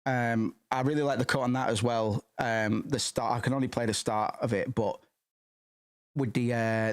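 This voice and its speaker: A man hosting a livestream in casual chat, rambling and excitable with lots of swearing, from his home streaming setup. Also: medium pitch, normal speed. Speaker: livestream host.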